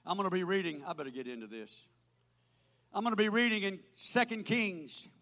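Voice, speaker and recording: An older man preaching a sermon as pastor, swinging from loud proclaiming to quiet asides. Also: sits high, fairly quick. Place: church. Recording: hall reverb.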